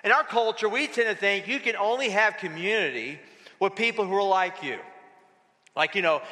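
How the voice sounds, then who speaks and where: An animated male preacher delivering a sermon in a church sanctuary. His voice sits high and sounds bright and sharp. He acts out short bits of dialogue, and a long reverb from the hall trails behind his words. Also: moderate pace. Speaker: pastor.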